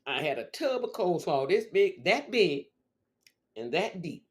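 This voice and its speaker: A woman's voice: fairly low pitch, big pitch swings, a little slow, breathy edge. A middle-aged woman hosting her show, telling a story in a casual, exuberant way full of exclamations. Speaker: show host.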